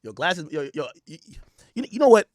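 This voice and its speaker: A man's voice: on the high side, big pitch swings, fairly quick, no echo, clean studio sound. A man hosting a reaction commentary, ranting with profanity and repeating his points for emphasis. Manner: repetitive, emphatic. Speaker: host.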